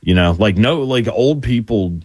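A man's voice: lowish voice, animated, measured pace, a little mellow, husky, no room sound, studio quality. A man in a casual chat, enthusiastic and full of fillers like "you know". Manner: enthusiastic, lots of likes and you-knows.

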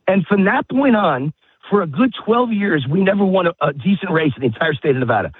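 A man's voice: high-pitched, animated, fairly quick, husky, no echo. A man walking his dog while calling in, out of breath, ranting emphatically and repeating himself. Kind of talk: political talk radio rant. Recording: tinny phone-line audio.

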